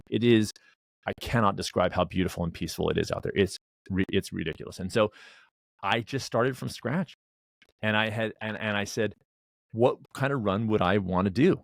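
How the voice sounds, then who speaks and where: Fast-talking gravelly middle-aged man. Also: deep voice, no echo. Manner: rambling storyteller, acts out dialogue, many restarts. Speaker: wellness director and race director. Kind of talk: casual interview talk.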